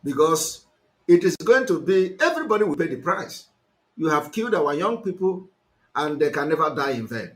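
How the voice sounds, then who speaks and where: An activist broadcaster, a man with a fairly high, very animated voice at normal speed, delivers impassioned political commentary to his listeners. He's forceful and mocking, mixing in pidgin and Igbo.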